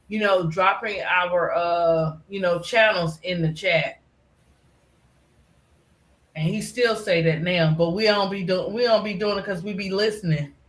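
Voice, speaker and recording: A woman's voice: fairly low pitch, fairly bright tone. A middle-aged woman chatting casually as a live-stream panelist, rambling with lots of "you know" fillers. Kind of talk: casual chat. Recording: echoey room.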